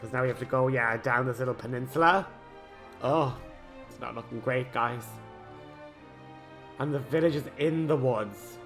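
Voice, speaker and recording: Excitable man commenting on a game. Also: medium pitch, moderate pace, long pauses, faint music behind. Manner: excitable, rambling, jokey. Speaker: let's play host. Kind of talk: gameplay commentary.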